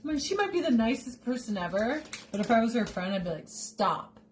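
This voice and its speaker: A woman's voice: on the high side, big pitch swings, fast talker, darkish tone. A woman hosting a casual cooking video in her home kitchen, chatting in a rambling, jokey way with side stories. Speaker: cooking show host. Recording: noticeable background noise.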